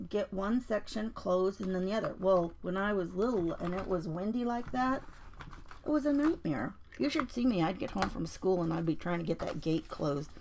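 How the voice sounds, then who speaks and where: A woman from Colorado chats casually on a craft livestream while making a junk journal, telling stories and greeting viewers by name. Her voice is lowish and somewhat dark in tone, with slight background noise.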